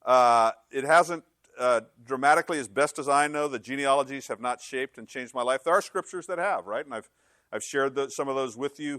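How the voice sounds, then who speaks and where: A man's voice: mid-range voice, a little fast, fairly bright tone, no room sound, clean studio sound. Rambling joking male pastor. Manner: rambling and joking, with frequent restarts. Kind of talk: informal sermon. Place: church service.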